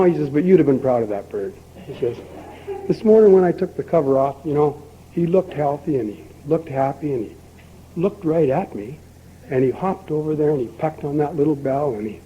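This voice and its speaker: Older man telling a folksy joke. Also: fairly high pitch. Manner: folksy joke-telling, voices both characters with lively emphasis. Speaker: AA speaker telling a story. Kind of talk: storytelling talk at a recovery meeting. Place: meeting hall. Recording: dull lo-fi archival tape with faint hiss.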